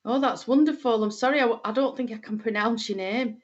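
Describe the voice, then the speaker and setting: A woman's voice: fairly high pitch, a little fast, highs cut off. A middle-aged woman with a Lancashire accent, a medium greeting viewers on a livestream in a homely, chatty way with plenty of fillers. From Lancashire, England.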